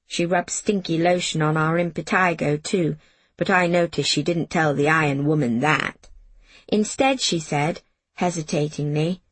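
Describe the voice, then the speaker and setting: A woman reading a first-person story aloud in a measured storybook narration. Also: low voice, slightly rough, no room sound. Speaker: audiobook narrator.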